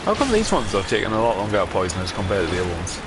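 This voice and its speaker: A man's voice: on the low side, wildly swooping pitch, rapid-fire, over loud music. A man giving casual gameplay commentary, rambling and chatty with many ums and mild swearing. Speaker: gamer.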